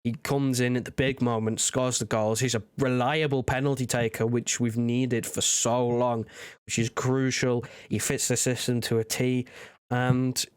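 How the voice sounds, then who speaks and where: Flat, smooth-voiced man. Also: medium pitch, a little slow, dry recording. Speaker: podcast co-host. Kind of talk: casual football chat.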